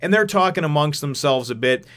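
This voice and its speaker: Reviewing a manga chapter in a relaxed, chatty way, this man speaks a little high and fairly quickly, with lively intonation and a fairly bright tone. His talk wanders, full of fillers and false starts, and he laughs as he recounts scenes.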